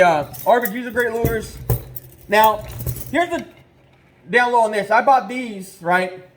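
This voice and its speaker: A man with a fairly high voice chats loosely to his viewers. He rambles, fills gaps with ums and gets easily worked up. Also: slight background noise. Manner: rambling and excitable, with many fillers. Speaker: trapping vlogger. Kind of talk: casual vlog talk.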